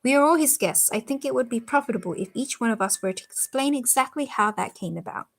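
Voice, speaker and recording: A woman reading aloud and voicing a stern elderly male judge who questions people in a measured, formal way. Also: a little high, breathy edge.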